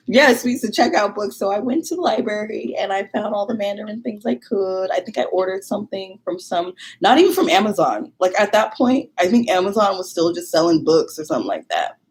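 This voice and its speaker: A woman vlogger telling a personal story in an animated, casual way, full of fillers and laughs. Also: medium pitch, a little fast, few pauses, husky. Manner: animated, many fillers, laughs while talking.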